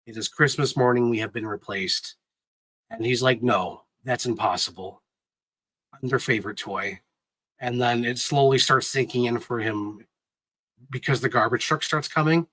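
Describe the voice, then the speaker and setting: A man chatting casually on a live stream, excitedly recapping movies in a rambling, sentimental way. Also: medium pitch, no room sound, low-quality recording. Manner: sentimental, gets choked up.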